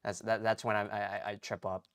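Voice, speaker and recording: A man's voice: fairly low pitch, flat delivery, brisk, a bit bright, smooth, dry recording, studio quality. A young man streaming his Japanese practice, chatting casually to himself, stammering and rambling as he second-guesses himself. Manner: stammering, rambling, self-deprecating. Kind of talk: casual self-talk while practicing.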